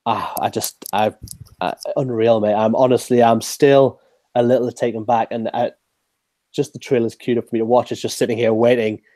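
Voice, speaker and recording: A man co-hosting a podcast in casual chat, excitable and quick to laugh. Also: mid-range voice, no room sound. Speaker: podcast co-host. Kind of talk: casual fan discussion.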